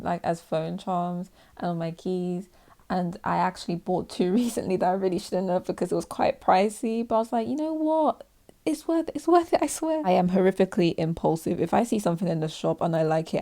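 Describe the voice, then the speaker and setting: A young woman talking casually while she draws, chatty and self-mocking, laughing often and acting out quotes in a higher voice. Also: mellow. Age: young adult. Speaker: art vlogger. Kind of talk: casual chat while drawing.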